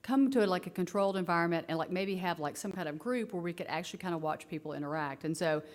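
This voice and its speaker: A woman's voice: fairly low pitch, fast. Chatty woman giving a conference talk. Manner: animated storytelling, acting out quoted kids and herself; casual and conversational, many fillers like "you know" and "like". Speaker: researcher presenting to parents.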